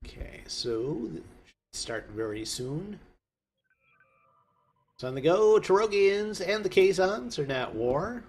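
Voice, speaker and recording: A man's voice: sits high, very animated, slow, pauses often, slight background noise. A man hosting a let's play, talking casually through a strategy game and drifting into joking asides as he plays. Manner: rambling, musing aloud with joking asides. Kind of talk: casual gameplay commentary.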